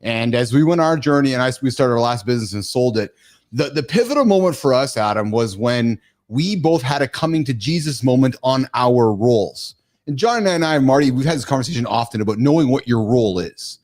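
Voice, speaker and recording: A man hosting a talk show, playful and animated, who often restarts his sentences in halting bursts. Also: medium pitch. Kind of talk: casual talk show banter.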